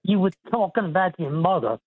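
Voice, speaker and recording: 89-year-old New caller on the phone. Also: male voice, sits high, expressive, brisk, slightly rough. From Brooklyn. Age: 80s. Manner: patient, correcting. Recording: tinny phone line.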